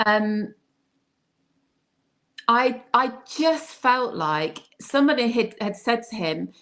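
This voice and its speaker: A woman's voice: fairly high pitch, lively intonation, slow pace, pauses often, a bit bright. A woman co-hosting a casual discussion, speaking candidly and emphatically. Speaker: co-host.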